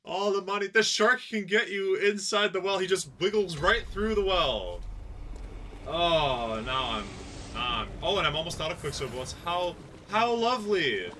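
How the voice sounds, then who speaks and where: A man commentating his own gameplay as a streamer, swinging from excited yelling to sarcastic grumbling. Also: sits high, normal speed, a little hiss or hum. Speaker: gaming streamer. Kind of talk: let's play commentary.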